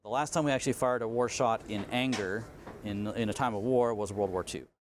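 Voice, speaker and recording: A man's voice: fairly low pitch, fairly quick, noisy background. A man, a Navy chief petty officer, explaining his work aboard a submarine in a plain, matter-of-fact way during an interview. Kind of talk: interview answers.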